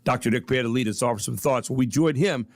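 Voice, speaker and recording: A man's voice: medium pitch, a little fast, no room sound. A man with a mid-range voice hosts a talk radio show from a downtown studio. He talks in a folksy, upbeat way and rambles through ad reads and promos.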